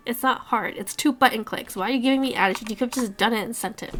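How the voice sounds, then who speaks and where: A woman's voice: a little high, fast, few pauses, a bit bright, soft background music. A woman in her thirties, a streamer chatting casually while she edits, ranting and swearing as she tells work stories. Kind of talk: casual chat while editing.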